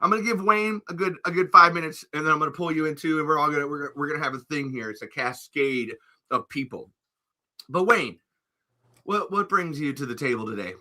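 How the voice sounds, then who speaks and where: A man's voice: a little high, fairly quick, sharp tone. A man hosting a casual podcast chat, rambling and playful and laughing often. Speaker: podcast host.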